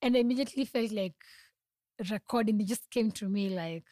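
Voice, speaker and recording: A woman's voice: medium pitch, brisk, warm tone, no room sound. A young woman hosts a solo podcast, talking earnestly and confidingly, often laughing and restarting her sentences. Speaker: podcast host. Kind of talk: reflective solo podcast talk.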